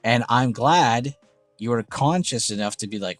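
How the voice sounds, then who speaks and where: A young man hosting a casual live trading stream, excitable and gushing, swearing freely. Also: mid-range voice, measured pace, no echo. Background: faint background music.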